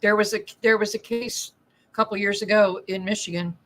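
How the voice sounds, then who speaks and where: A woman co-hosting a casual chat podcast, emphatic and quick to agree. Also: mid-range voice, steady tone, rough recording. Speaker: podcast co-host.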